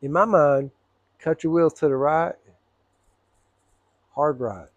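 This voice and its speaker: A man, a truck driver, telling a story casually to camera, animated and profane, acting out both sides of an argument. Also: a little high, takes it slowly, no echo, muffled recording.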